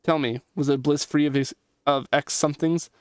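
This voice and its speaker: A man's voice: fairly high pitch, fairly even intonation, moderate pace, smooth, no echo, clean studio sound. A young man streaming a game, reading the dialogue aloud and joking between lines. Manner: reads text aloud, jokes and comments between lines.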